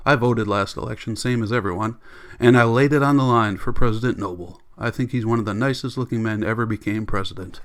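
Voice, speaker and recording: Ein Mann liest eine plaudernde, flatterhafte Hausfrau. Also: male voice, mid-range voice, a little fast, close to an everyday voice. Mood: gossipy. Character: chatty, flighty housewife.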